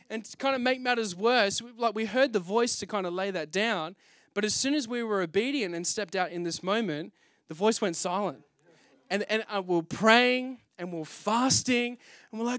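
A young man with a high voice tells his own story from the pulpit, loose and conversational, with restarts and fillers. He breaks into his past exclamations as he goes. The sound is dry and close. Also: fairly quick, fairly bright tone, no room sound. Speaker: pastor. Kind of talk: testimony sermon.

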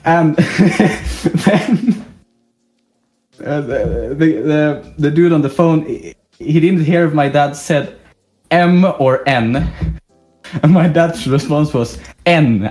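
This young Swedish man co-hosts a casual podcast, rambling through stories and giggling often. His voice is on the high side and a little mellow, animated but unhurried. The room gives the recording a roomy echo.

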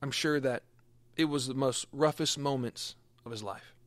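A man's voice: medium pitch, normal speed, fairly bright tone, no echo. A man preaching a sermon and reading scripture aloud, earnest, with emphatic swells on key words.

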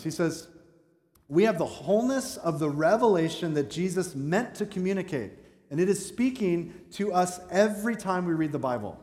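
A man's voice: high-pitched, lively intonation, fairly quick, darkish tone. A man preaching a sermon as pastor, talking conversationally and turning to the congregation with asides. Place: church sanctuary. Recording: echoey hall with long reverb.

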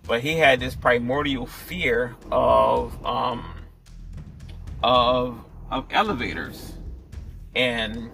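Gravelly-voiced man rambling on a podcast. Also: medium pitch, fairly even intonation, drawn-out words, pushed and bright, soft background music, poor audio. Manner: rambling, profane, self-interrupting. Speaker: podcast host. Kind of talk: casual solo podcast monologue.

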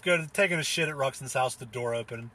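Rambling, husky young man chatting. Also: medium pitch, quick pace, sharp tone. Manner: rambling, laughing, swearing, many fillers and restarts. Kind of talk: casual solo chat recounting a comedy show.

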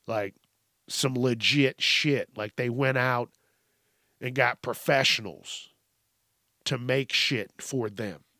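A man's voice: medium pitch, slow pace, long pauses, pushed and bright, no echo, studio quality. A man hosting a podcast, ranting bluntly in a casual, profanity-heavy style. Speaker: podcast host.

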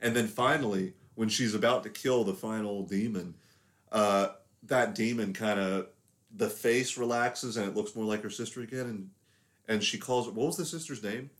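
In a fairly low voice at a moderate pace, a young American Southerner talks over a movie as a podcast co-host. His casual review meanders, heavy on fillers and hedges.

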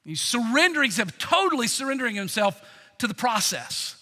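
A male pastor preaching a sermon with dynamic delivery, swinging between loud emphasis and hushed tones, often restarting words. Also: very high-pitched, big pitch swings, brisk, long reverb tail.

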